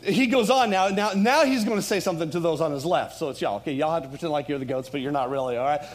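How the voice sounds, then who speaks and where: A man, a pastor preaching a sermon in church, building to loud emphatic lines. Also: fairly high pitch, fast talker. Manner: animated preaching, rising loud on key lines.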